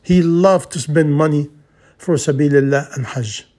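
A man's voice: a little high, unhurried, warm tone. A man preaching a sermon as a story, earnest and repetitive, in broken English.

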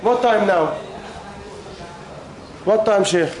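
A man's voice: sits high, slow pace, a little mellow. A man teaching a class in simple, broken English, repeating questions to his students while losing his voice. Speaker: religious teacher. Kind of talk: question-and-answer class talk. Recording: very echoey room, far from the mic, ambient noise.

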